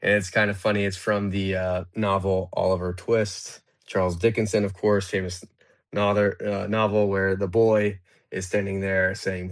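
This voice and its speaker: Host, male, low and gravelly, rambling panel talk full of fillers, remote audio room. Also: level tone, normal speed. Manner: loose and rambling, many fillers and restarts. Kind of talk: casual market discussion.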